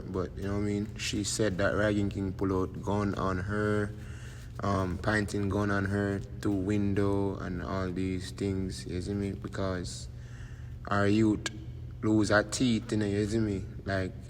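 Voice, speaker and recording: A man's voice: lowish voice, completely flat delivery, slow pace. A man with a Jamaican accent giving rambling casual commentary as a YouTube host, tagging lines with "you see me". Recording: long reverb, faint background noise.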